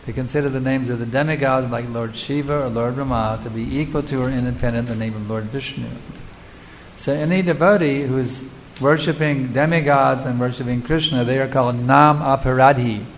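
A man's voice: mid-range voice, slight background noise, poor audio. A man who is a spiritual teacher, answering audience questions in a devotional lecture. He speaks rhetorically and emphatically, often asking his listeners questions.

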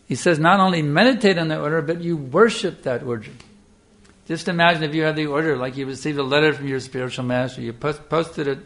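An older man giving an earnest sermon, telling a devotional story with lively storytelling and frequent fillers. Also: medium pitch, vocal fry. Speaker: spiritual teacher.

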